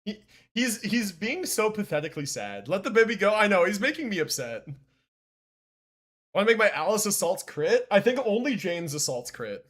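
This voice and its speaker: Lively, animated male game streamer. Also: high voice, normal speed. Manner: animated, chatty, laughs often. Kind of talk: casual live-stream chat.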